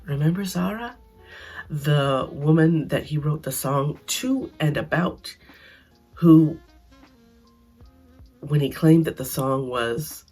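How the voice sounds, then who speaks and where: A woman with a husky, slightly breathy voice recapping reality TV in a casual, blunt way. She sounds animated and sarcastic, and faint music plays behind her. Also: very deep voice. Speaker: reality TV commentator.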